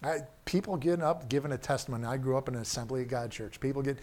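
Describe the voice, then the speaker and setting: An older man preaching a sermon to his congregation, often dropping his voice low and then rising to loud, urgent emphasis. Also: quick pace, hardly any pauses. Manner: animated preaching, shifts from soft to loud.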